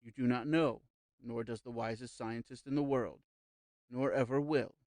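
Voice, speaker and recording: Audiobook: man voicing a calm, smooth male medium, slow and reassuring, mid-pitched, dry close read. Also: no echo, close to an everyday voice. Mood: persuasive. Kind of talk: audiobook character reading.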